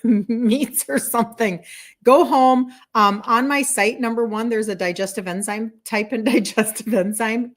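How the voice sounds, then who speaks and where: Woman in her 60s, live-stream chat, effusive, rambling, laughing, mid-pitched voice. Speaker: wellness coach selling supplements.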